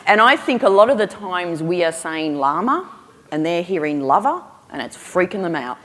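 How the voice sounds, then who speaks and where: A woman's voice: fairly low pitch, very animated, normal speed, fairly bright tone. A woman giving a keynote speech, telling stories with punchy humour and pointed rhetorical questions. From Australia. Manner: punchy, humorous, emphatic delivery with rhetorical questions. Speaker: keynote speaker. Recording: reverberant hall.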